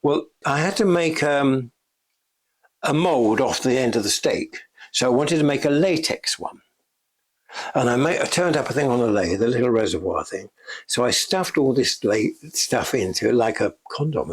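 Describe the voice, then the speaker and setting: Husky older man telling lively stories. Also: mid-range voice, moderate pace. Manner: chatty, laughs often, acts out quoted lines. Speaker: interviewee, special effects veteran. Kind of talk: casual anecdotal storytelling. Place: shop.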